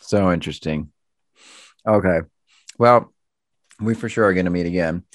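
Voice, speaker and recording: A man's voice: deep voice, moderate pace, no room sound, studio quality. A man hosting an interview, asking short curious questions in casual chat. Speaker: interview host.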